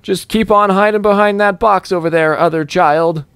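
A man's voice: sits high, moderate pace, a bit bright, smooth, no room sound, voice pushed up. A man voicing a weary male forklift worker in a game, talking in chipper, resigned patter about his job. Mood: cheerfully resigned.

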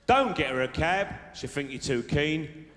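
A man's voice: a little high, lively intonation, a little slow, fairly bright tone. A man doing a cocky South London lad. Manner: boastful, chummy, tag questions. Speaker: stand-up comedian in character. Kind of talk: live stand-up character monologue. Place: large theatre stage with audience. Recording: live hall reverb, faint noise.

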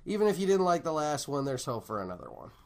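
A man's voice: fairly high pitch, very animated, quick pace. A man co-hosting a casual podcast chat, joking around and often slipping into mocking put-on voices. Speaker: podcast co-host.

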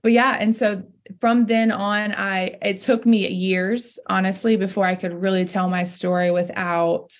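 A young adult woman, a pastor appearing as a podcast guest, tells a personal story earnestly and from the heart, even laughing through tears. Her medium-pitched voice is flat in delivery, unhurried, with few pauses.

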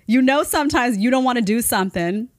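A woman in her thirties hosting a casual commentary show, chatty and animated, laughing often. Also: fairly high pitch, quick pace, dry recording, studio quality. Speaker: host.

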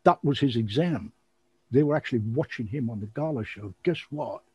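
A man hosting an online show, chatting casually in a rambling, animated way and laughing often. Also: mid-range voice, normal speed, husky, dry recording, muffled recording. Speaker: show host and magician.

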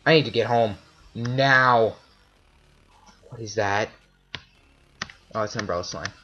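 A man's voice: on the low side, unhurried, highs cut off, soft background music. A man commentating his own gameplay, easily startled and often yelping in alarm. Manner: jumpy, often shouts in alarm. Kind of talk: let's play commentary.

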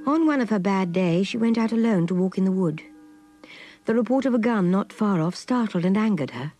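A woman reading a novel aloud, expressive and soft, voicing a troubled young lady. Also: medium pitch, a little fast, faint music behind. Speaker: narrator. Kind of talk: audiobook reading.

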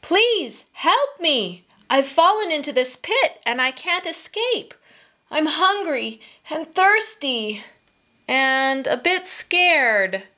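A woman plays a big male tiger from a children's storybook, sly and hungry, his voice swinging from high sweet begging down to a smug growl. The delivery is lively and unhurried, with plenty of movement in the pitch. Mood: pleading. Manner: pleading at first, then growling and smug.

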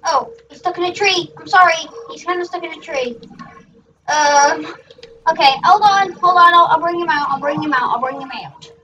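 Very high-voiced excitable young gamer. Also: normal speed. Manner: rambling, excitable, shrieks at game events. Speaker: gaming channel host. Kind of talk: let's play commentary. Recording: dull, distant mic with faint music.

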